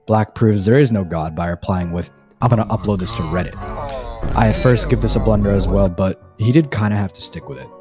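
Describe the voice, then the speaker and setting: Deep-voiced man, sarcastic narration. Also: a little fast, over music. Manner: exasperated, sarcastic. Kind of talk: scripted narration.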